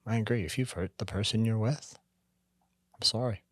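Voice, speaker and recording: A middle-aged Canadian man talks in a very low, husky voice, candid and plainspoken as he co-hosts a casual talk. The sound is close and dry, with no room around it. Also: normal speed, fairly bright tone, no room sound. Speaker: podcast co-host. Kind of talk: casual conversation.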